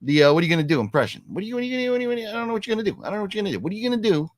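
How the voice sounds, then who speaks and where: A man putting on an exasperated wiseguy voice, pitched up high and repeating the same phrase. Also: big pitch swings, very fast, no room sound. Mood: mock exasperated. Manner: repetitive, high-pitched shtick.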